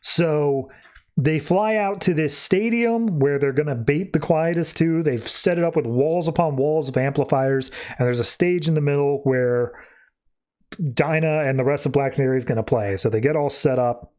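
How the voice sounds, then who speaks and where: A man hosting a podcast, giving a loose, slangy recap of a comic book issue with animated asides. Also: fairly high pitch, moderate pace. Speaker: podcast host.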